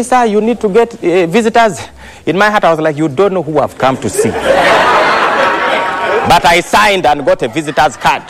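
A man with a Ugandan English accent doing stand-up comedy on stage, telling a story and teasing the audience directly. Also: sits high. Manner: teasing, addresses the crowd directly. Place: stage in front of a live audience. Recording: live show with crowd noise. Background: audience laughter.

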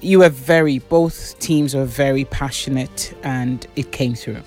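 A woman's voice: a bass voice, a little slow, a little mellow, faint music behind. Woman coaching pronunciation. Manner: corrective, pronunciation-focused. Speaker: diction and public speaking coach. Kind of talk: spoken feedback on a debate.

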